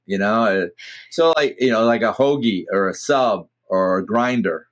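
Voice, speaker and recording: A man's voice: lowish voice, normal speed. A middle-aged man with a Boston accent, hosting a podcast and telling rambling stories with many restarts. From Massachusetts. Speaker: podcast host. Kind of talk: casual chat.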